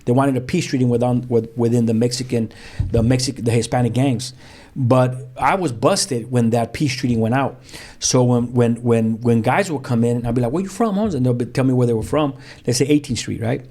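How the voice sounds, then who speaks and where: A man's voice: medium pitch, steady tone, normal speed, dark tone. Street-talking man from South Central LA. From South Central Los Angeles. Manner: street slang, repeated restarts, acts out quoted voices. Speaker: pastor and podcast guest. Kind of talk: personal testimony in a podcast interview.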